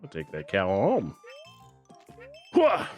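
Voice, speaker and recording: Reading the game's on-screen text aloud and cracking jokes, a streamer gives animated, casual commentary as he plays. His voice sits in the mid-range and moves at a moderate pace, with faint game music underneath.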